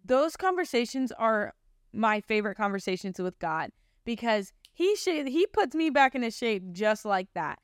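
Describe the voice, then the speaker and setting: A woman's voice: a little high, big pitch swings, normal speed, smooth, dry recording, clean studio sound. A young adult woman sharing her personal Christian testimony in a casual, heartfelt way, often saying "like". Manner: casual, heartfelt, heavy use of "like".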